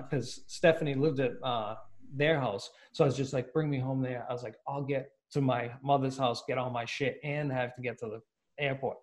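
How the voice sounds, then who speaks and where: A man casually telling a story on a podcast, animated, swearing heavily and acting out the dialogue. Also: mid-range voice.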